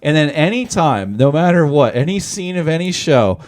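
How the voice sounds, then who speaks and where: A man's voice: a little high, very animated, moderate pace, darkish tone. A man co-hosting a podcast in casual chat, ranting and swearing with lots of fillers. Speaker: podcast co-host.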